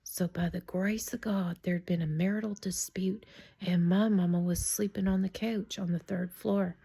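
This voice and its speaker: A middle-aged woman telling a true story in a chatty, rambling way, often dropping into a hushed whisper. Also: fairly low pitch, fairly even intonation, normal speed, creaky, breathy edge. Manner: chatty and digressive. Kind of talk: casual spoken storytime.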